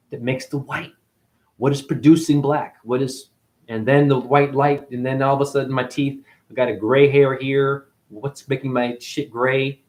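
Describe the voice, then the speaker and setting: A man's voice: mid-range voice, a little mellow. A man giving a spiritual monologue as a teacher, preachy and profane, firing one rhetorical question after another.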